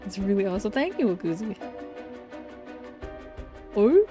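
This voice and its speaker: A woman's voice: medium pitch, very animated, normal speed, dark tone, soft background music. A woman streamer reading game dialogue aloud and reacting, easily frightened and jumpy. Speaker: streamer playing a horror visual novel.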